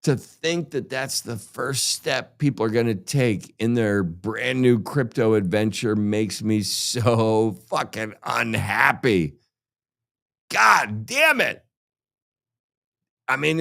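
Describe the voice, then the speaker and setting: A man's voice: mid-range voice, expressive, slow, gravelly, fairly bright tone. A man hosting a crypto show, ranting heatedly and sarcastically with constant swearing. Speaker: crypto podcast host. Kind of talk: profane ranting monologue.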